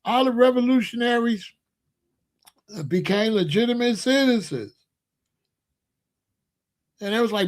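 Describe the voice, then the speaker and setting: A man's voice: very high voice, expressive, unhurried, long pauses. A man hosting his own channel, telling a personal story in a casual, rambling, emphatic way. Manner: rambling, emphatic, breaks into laughs. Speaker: channel host.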